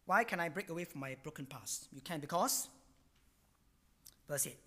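A man's voice: fairly high pitch, lively intonation, moderate pace, fairly bright tone. A man preaching a sermon with emphatic delivery and many rhetorical questions, ending phrases with particles like "lah" and "no".

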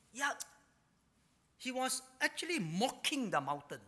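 A man pastor preaching a sermon, his bright, forceful voice swinging up and down with plenty of life. He keeps tagging phrases with a drawn-out "ah". The sound has the long reverb of a church hall. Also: very high voice, husky. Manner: animated, ends phrases with a drawn-out "ah".

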